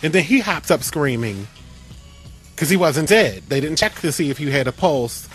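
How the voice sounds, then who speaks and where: Animated man hosting radio. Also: fairly high pitch, normal speed, soft background music. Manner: animated storyteller, restarts often. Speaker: radio show host. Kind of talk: casual radio talk.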